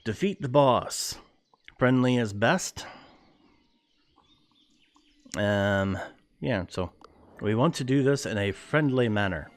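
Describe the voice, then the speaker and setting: A man giving casual gameplay commentary, reading game text aloud in an easygoing way and thinking out loud with jokey asides. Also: mid-range voice, animated, a little slow. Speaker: let's play gamer.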